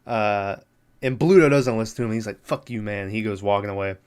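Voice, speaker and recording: A man's voice: on the low side, brisk, a little mellow, clear, resonant tone. A male podcast host casually recapping a film, rambling with lots of fillers, laughing and acting out the characters' lines.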